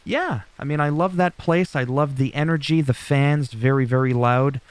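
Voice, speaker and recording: A man's voice: fairly high pitch, moderate pace, smooth. Chatty rambling man recapping a show. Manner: rambling, chatty, loose and profane. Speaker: wrestling recap YouTuber. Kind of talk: casual show recap commentary.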